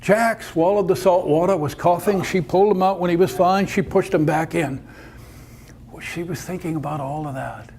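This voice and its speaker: A man telling a story aloud in a conversational, unhurried way. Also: sits high, gravelly, a little mellow, slight background noise. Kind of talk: told story narration.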